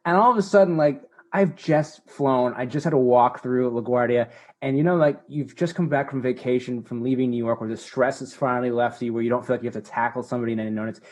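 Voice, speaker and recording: A young man co-hosting a casual sports podcast, telling stories in a halting, stammering way. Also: medium pitch. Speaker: podcast co-host. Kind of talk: casual chat.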